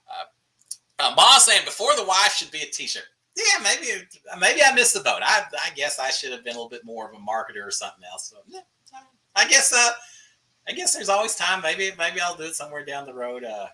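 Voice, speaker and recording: A man's voice: medium pitch, poor audio. A middle-aged man, chatting casually as host of a live stream and answering viewer questions in a folksy way. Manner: animated, folksy, restarts and uh fillers.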